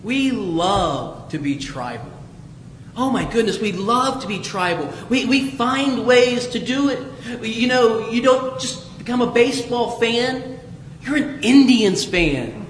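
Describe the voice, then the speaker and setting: A middle-aged pastor from Southwest Ohio preaching a sermon in a conversational, storytelling way, chuckling now and then. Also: male voice, extremely high pitch, animated, slow pace, slight background noise. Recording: echoey hall with reverb.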